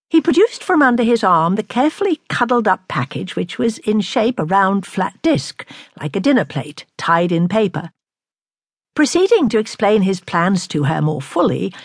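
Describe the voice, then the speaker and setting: This is scripted narration of a classic novel by a female audiobook narrator whose husky voice is expressive and sits at medium pitch. She reads at a normal speed, captured in clean studio sound with no room noise.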